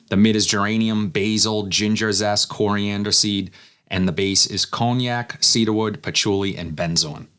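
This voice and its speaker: A man with a fairly low voice talks through his first impressions of fragrances. He sounds relaxed and thinks aloud as he goes. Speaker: fragrance reviewer. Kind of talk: casual first-impressions review.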